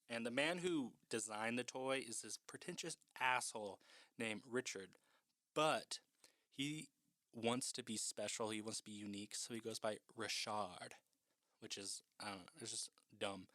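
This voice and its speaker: A man's voice: medium pitch, bright, forceful tone, no room sound, studio quality. A man casually recapping a horror film in a chatty, profane way, with lots of "like".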